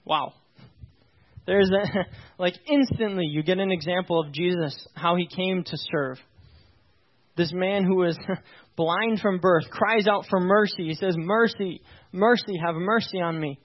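A man with a fairly high voice delivers a relaxed, conversational sermon. He talks informally and with emphasis, often turning to his listeners to check they follow. The recording sounds dull and lo-fi. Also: unhurried, pauses often. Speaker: pastor.

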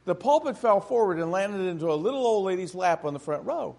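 A man with a strikingly high voice preaches a sermon to a congregation. He talks with emphasis and keeps putting rhetorical questions to the room. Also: animated, fairly quick, creaky, darkish tone.

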